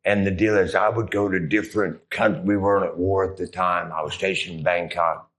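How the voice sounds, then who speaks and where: A man's voice: sits low, fairly even intonation, brisk, a bit bright. A middle-aged man, a former Marine, telling rambling, profane stories in a casual interview. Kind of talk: casual storytelling.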